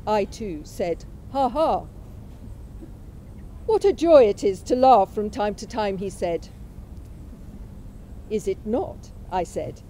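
Mellow-voiced woman reading aloud, measured. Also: fairly high pitch, a little hiss or hum, poor audio. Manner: measured, unhurried literary reading. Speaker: speaker at a memorial event. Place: college chapel.

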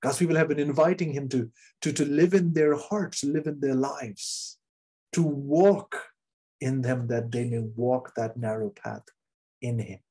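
A man preaching a sermon in an earnest, emphatic way, repeating phrases and letting key lines fall soft and low. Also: fairly even intonation, measured pace, slightly rough.

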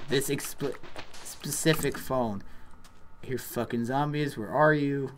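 A young man, maybe a teen, hosts his own gaming channel and rambles casually over the game, restarting sentences and scattering fillers. His voice sits at an ordinary middle pitch. The desk mic picks up a faint hiss and the clicking of his keyboard. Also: normal speed. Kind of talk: casual gameplay commentary. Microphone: desktop USB microphone. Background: keyboard typing and clicks.

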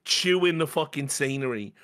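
A man's voice: on the high side, animated, moderate pace, a bit bright. A man co-hosting a casual film podcast, enthusiastic and swearing freely. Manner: enthusiastic, swearing, laughing asides. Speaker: podcast co-host.

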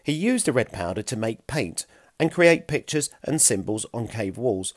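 A man narrating a children's story in an expressive, playful way, recorded close. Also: medium pitch, normal speed, no echo.

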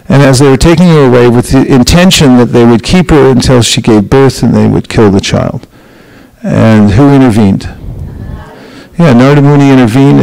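A man with a gravelly, creaky voice at a medium pitch, teaching a scripture class. He talks directly and coaches his students, pushing them to speak with authority. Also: darkish tone, low-quality recording. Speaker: spiritual teacher leading a class.

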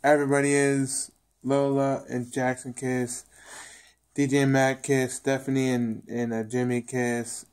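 A man talks casually to his viewers while recapping and reviewing a TV episode, rambling, often repeating himself, and acting out the characters' lines. His medium-pitched voice is level and smooth with a darkish tone, at a measured pace.

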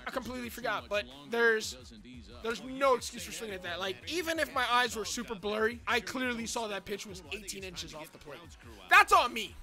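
A young man giving excitable commentary over his own baseball video game, chatting to viewers and shouting and groaning at each play. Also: sits high. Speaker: gaming channel host. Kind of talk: live gameplay commentary.

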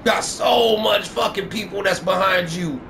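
A man with a high, raised voice trash-talks a rival player over his game commentary, taunting and boastful. He swears constantly and hammers the same jabs over and over. A faint hiss of noise sits under the recording. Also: measured pace, creaky, bright, forceful tone. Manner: taunting, boastful, profane, repeats lines for effect. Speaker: gaming YouTuber.

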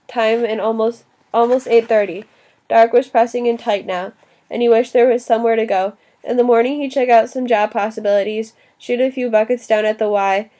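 A woman narrating an audiobook in an even reading voice, now and then restarting a word. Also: on the high side. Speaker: audiobook reader.

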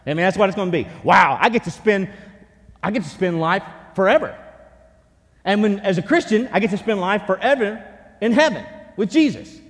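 Male pastor, higher voice, lively sermon delivery, church hall with long reverb. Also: a little fast. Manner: animated preaching, swings from hushed to loud. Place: church sanctuary.

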